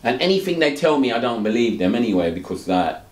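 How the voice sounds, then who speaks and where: A man's voice: mid-range voice, big pitch swings, fast. A man talking candidly in an interview. He rambles and tags his lines with "you know," often with rueful laughter. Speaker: interviewee, dialysis patient. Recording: roomy echo.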